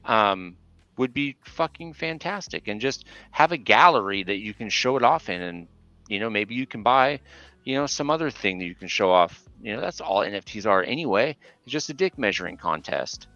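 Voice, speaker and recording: A man's voice: lowish voice, expressive, normal speed, bright, forceful tone, dry recording, lo-fi sound. A man in casual conversation on a podcast, talking loosely with lots of fillers, restarts and swearing. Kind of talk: casual chat. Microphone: remote call mic.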